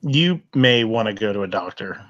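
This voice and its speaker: A man's voice: on the low side, animated, normal speed, fairly bright tone. A man hosting a casual live viewer show, joking and laughing along with his co-host. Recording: dull lo-fi voice. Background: daughter on couch nearby.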